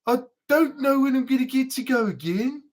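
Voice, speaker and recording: Bored Birmingham speaker mimicked by a woman, flat, unenthused delivery. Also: sits high, moderate pace.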